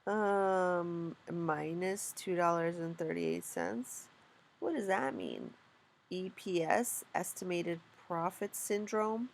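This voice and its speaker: A woman's voice: fairly low pitch, slow pace, creaky, slight background noise. A young woman vlogging while day trading, rambling, swearing and laughing at herself in casual chat.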